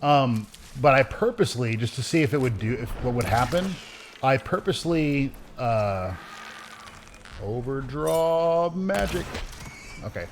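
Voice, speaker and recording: A man in the middle of a casual let's play, rambling through his thoughts with plenty of false starts, his voice at an ordinary pitch. A faint hiss of background noise sits behind him. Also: moderate pace. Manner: rambling, many restarts, animated retellings. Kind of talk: casual gameplay commentary.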